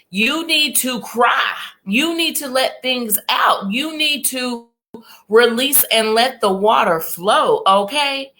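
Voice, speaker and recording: A woman's voice: medium pitch, bright, forceful tone. A woman co-hosting a casual podcast, giving emphatic, preachy advice to a friend. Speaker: podcast co-host.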